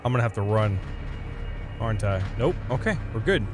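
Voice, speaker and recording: A young man giving casual, excitable gameplay commentary, often swearing and saying dude. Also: fairly low pitch, fairly quick. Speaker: let's play gamer. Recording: game music playing behind.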